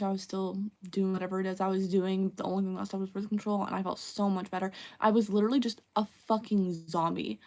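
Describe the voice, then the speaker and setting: Candid, foul-mouthed young woman streamer. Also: medium pitch. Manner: candid, frequent swearing. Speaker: livestreamer. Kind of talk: casual livestream chat.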